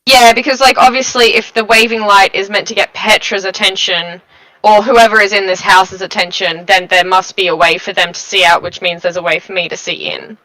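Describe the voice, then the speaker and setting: A woman's voice: mid-range voice, fairly even intonation, fairly quick, sharp tone, low-quality recording. A woman playing a tabletop game, eagerly asking the game master what her character can do. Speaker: player. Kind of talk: casual tabletop game play.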